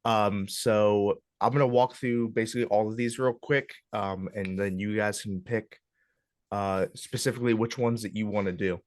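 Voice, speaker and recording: Low-voiced young man teaching, lots of ums. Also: no room sound, studio quality. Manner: relaxed, hesitant, lots of ums and uhs. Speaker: club workshop instructor. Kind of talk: casual classroom walkthrough. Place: classroom.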